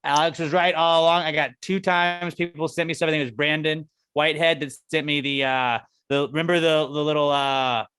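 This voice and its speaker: A man's voice: fairly high pitch, fairly quick, few pauses, clean tone. A man co-hosting a podcast, ranting in casual chat with lots of swearing. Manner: profane, excitable, rants with put-on quotes. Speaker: podcast co-host.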